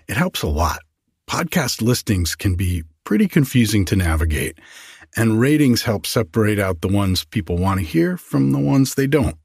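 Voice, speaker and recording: A man hosting a sleep podcast, narrating a bedtime fairy tale in a calm, gentle way. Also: lowish voice, breathy edge, no echo, clean studio sound. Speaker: podcast host and storyteller. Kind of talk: slow bedtime story narration.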